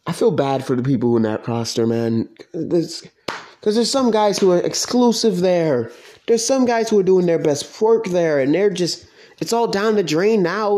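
Man, angry profane rant, higher voice that swings wildly up and down. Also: warm tone. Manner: profane, heated, pitch swinging widely. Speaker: online wrestling league fan.

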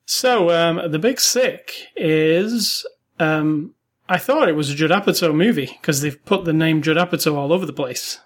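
A man's voice: on the high side, moderate pace. A man co-hosting a weekly movie podcast, chatting casually with many fillers and restarts. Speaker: podcast co-host. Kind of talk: casual movie review chat.

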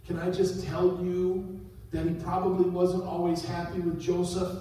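A middle-aged man preaching a sermon as a pastor, dropping low and then rising to sudden shouted peaks. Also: completely flat delivery, moderate pace. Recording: echoey hall, voice from far off.

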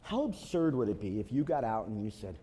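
A pastor delivers a sermon to his church congregation, telling a lively story and driving each point in with forceful repetition. His voice is on the low side, a little fast, and slightly rough.

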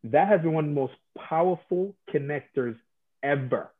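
A man from Jamaica with light traces of a Jamaican accent, telling stories and giving advice in a relaxed talk, shifting between lively bursts and soft asides. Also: a little high, moderate pace. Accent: American with faint Jamaican traces. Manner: animated storyteller, drops to soft asides. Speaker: salon educator guest. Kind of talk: conversational podcast advice. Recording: phone-like narrow band.

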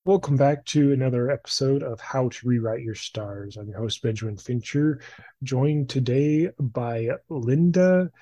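A man's voice: medium pitch, mellow, no room sound. Upbeat young male podcast host. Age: 20s. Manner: upbeat, chatty, quick to laugh. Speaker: podcast host and life coach. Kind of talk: podcast interview.

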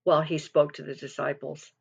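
A middle-aged woman delivers a homespun devotional sermon in a lowish voice. She retells scripture conversationally, stopping to correct herself and add asides. The recording is dull and lo-fi. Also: flat delivery, brisk, creaky, darkish tone, breathy edge. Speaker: devotional speaker.

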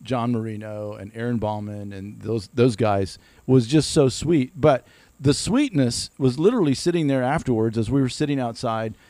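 A man's voice: mid-range voice, moderate pace, dark tone, no echo. Man, family podcast co-host, earnest and eager, dry sound. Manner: earnest, talks about ministry with enthusiasm. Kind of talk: casual family podcast chat.

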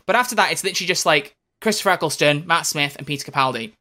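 A man co-hosting a podcast, telling stories in an excitable, rambling way with plenty of fillers. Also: fairly high pitch, rapid-fire. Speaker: podcast co-host. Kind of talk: casual chat.

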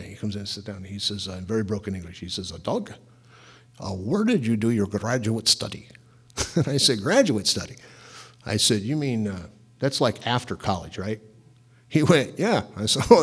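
A man's voice: mid-range voice, slightly rough. A man preaching a sermon, telling personal stories in a loose, chatty way and laughing often. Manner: casual storytelling, laughs often.

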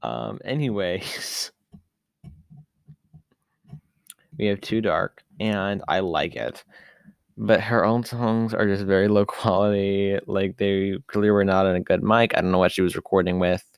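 A man's voice: low-pitched, a little slow, vocal fry, pauses often, clean tone, dry recording. A man hosting a podcast on his own, talking in a casual, rambling way with lots of fillers and asides. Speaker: podcast host. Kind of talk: casual solo podcast talk.

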